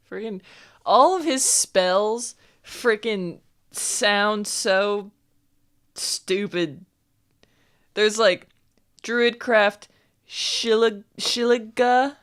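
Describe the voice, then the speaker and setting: A woman's voice: mid-range voice, very slow, pauses often, smooth. A woman playing a tabletop game, chatting in a playful, casual way. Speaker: player. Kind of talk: casual chat.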